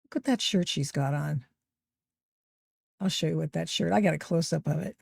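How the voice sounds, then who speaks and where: A woman's voice: low voice, normal speed, vocal fry, breathy edge, no room sound, clean studio sound. A middle-aged woman hosting a podcast, giving opinionated, sarcastic commentary over video clips. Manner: sarcastic, animated, mocking voices she quotes. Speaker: podcast host.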